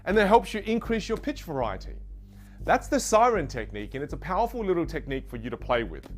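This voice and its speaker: A man teaching an online voice course, animated and playful, showing pitches from low to high. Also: fast, soft background music. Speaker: voice coach.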